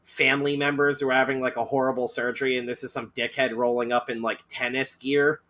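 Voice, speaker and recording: A man's voice: medium pitch, little pitch movement, a little fast, bright, forceful tone. Man ranting in profane banter. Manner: profane, joking, does mocking voices. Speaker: podcast host. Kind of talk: casual chat.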